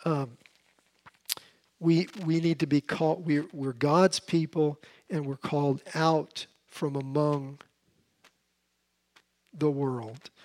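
A man teaching through the Psalms in a relaxed, conversational way, often restarting his sentences. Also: on the high side, slow pace, long pauses. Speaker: Bible teacher. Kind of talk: informal Bible teaching. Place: seated, with a drink at hand.

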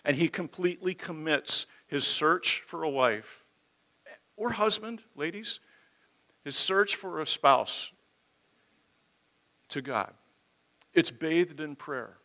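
Bright-voiced, emphatic male preacher. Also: fairly high pitch, animated, slow, pauses often. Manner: emphatic, conversational preaching with rhetorical questions and folksy asides. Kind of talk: expository sermon.

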